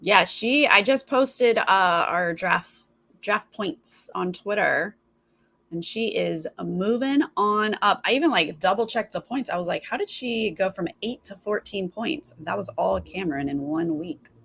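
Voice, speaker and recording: A woman's voice: mid-range voice, expressive, measured pace, gravelly, a bit bright, husky. A woman hosting a live stream, chatting casually with viewers and mimicking other people's voices in her stories. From Los Angeles. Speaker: live stream host reacting to a TV show.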